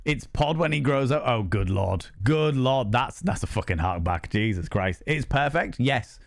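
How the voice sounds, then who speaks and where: Laughing, swearing streamer. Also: male voice, medium pitch, normal speed, gravelly, dry recording, studio quality. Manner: laughs often, swears freely, animated. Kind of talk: casual live-stream chat.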